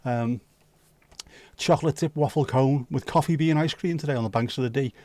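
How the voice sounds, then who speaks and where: A man hosts a casual livestream, answering viewers with sweary jokes and quick asides. His voice sits at an ordinary middle pitch. The sound is close and dry, with no room echo. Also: warm tone. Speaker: livestream host. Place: home livestream setup.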